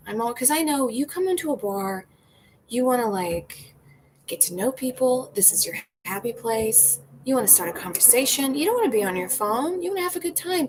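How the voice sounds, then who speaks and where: A woman's voice: on the high side, slight background noise, rough recording. A woman bartender chatting casually to viewers on a livestream, laughing often and swearing freely. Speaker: bartender and comedian hosting a livestream.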